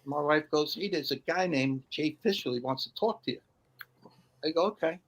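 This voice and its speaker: A man's voice: a little high, normal speed. A man telling a firehouse story in casual podcast chat, acting out the voices of the people he quotes. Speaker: podcast guest, firefighter.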